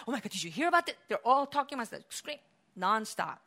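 A woman preaching a sermon, telling a story with acted cries and shifts between loud calls and hushed passages. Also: on the high side, lively intonation, fast.

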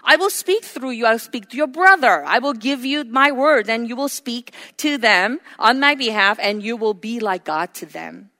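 A woman preacher voicing God as a stern male voice, forceful and insistent in a reverberant hall. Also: a little high, normal speed, hardly any pauses. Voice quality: forceful, emphatic.

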